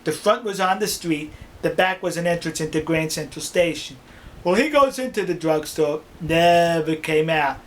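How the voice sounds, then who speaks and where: Animated older New man. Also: a little high, moderate pace. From New York City. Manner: animated, laughs often, acts out dialogue. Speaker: storyteller. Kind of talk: casual storytelling.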